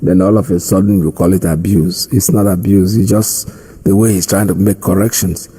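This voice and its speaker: A man's voice: low voice, steady tone, normal speed, warm tone, slightly rough. A man hosting a radio call-in show, talking firmly and conversationally as he lectures callers. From Nigeria.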